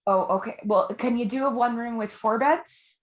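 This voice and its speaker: A playful woman player at a tabletop game, her voice sitting fairly high. She jumps in fast, repeats herself and restarts sentences. The tone is loose and joking. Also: roomy sound. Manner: playful, quick, stumbling restarts. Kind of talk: tabletop role-play chat.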